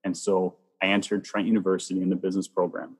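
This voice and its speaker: Deep, husky man telling a story. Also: quick pace, in a large hall. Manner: lively storyteller, acts out quoted lines. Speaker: guest sharing his faith story. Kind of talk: personal testimony storytelling.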